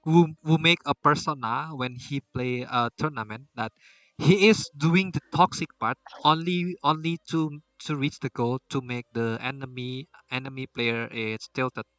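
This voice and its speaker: A man's voice: mid-range voice, steady tone, a little slow, fairly bright tone, no echo, recorded from a distance, low-quality recording. A man hosting a casual podcast chat, rambling with many restarts and frequent laughs. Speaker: podcast host.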